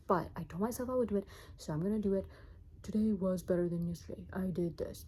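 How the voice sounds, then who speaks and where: A woman's voice: medium pitch, steady tone, quick pace, mellow, a little hiss or hum, poor audio. A young woman vlogging in a rambling, self-mocking way, laughing often. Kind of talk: casual chat to camera.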